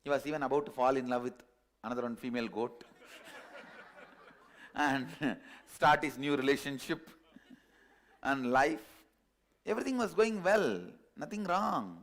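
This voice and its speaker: A man, a spiritual teacher telling a parable in a discourse, animated and chuckling at his own jokes. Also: medium pitch, a little slow, long pauses.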